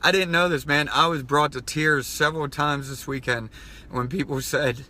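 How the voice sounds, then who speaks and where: A man's voice: on the high side, fairly even intonation, moderate pace, pushed and bright, a little hiss or hum. A man talking in an earnest, rambling personal vlog, choked up at times as he speaks. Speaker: vlogger.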